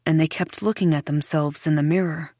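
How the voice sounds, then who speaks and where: Audiobook narrator, woman; low, measured, dry booth sound. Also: fairly even intonation, dark tone, no room sound. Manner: measured storytelling. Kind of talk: first-person audiobook narration.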